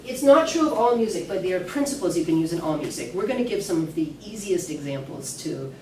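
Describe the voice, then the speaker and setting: In an echoey classroom at an early music event, a woman leads a singing workshop, chatting with lots of fillers and restarts. Her voice is fairly low and darkish, with lively intonation and a quick pace. A distant room mic picks her up, with slight background noise.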